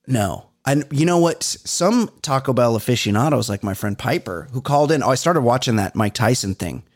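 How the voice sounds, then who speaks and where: Gravelly, animated middle-aged man. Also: moderate pace. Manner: animated, acts out exchanges with big pitch jumps. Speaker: podcast co-host. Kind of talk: casual comedic chat.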